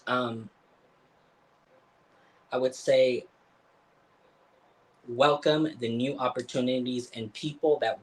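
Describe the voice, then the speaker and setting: A man giving a live psychic card reading, gentle and hesitant, with many pauses and fillers. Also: mid-range voice, low-quality recording.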